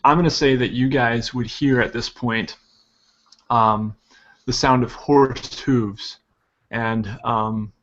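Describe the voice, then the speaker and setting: A man runs a tabletop game with a mid-pitched voice. He pauses often and fills the gaps with ums. The audio is dull and lo-fi. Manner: hesitant, many ums. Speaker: game master.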